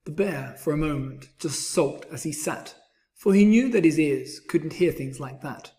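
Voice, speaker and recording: Slow, rhythmic man reading kids' rhymes. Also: on the high side, animated, mellow. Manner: rhythmic, rhyming storybook delivery. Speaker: storyteller. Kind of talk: children's story read-aloud.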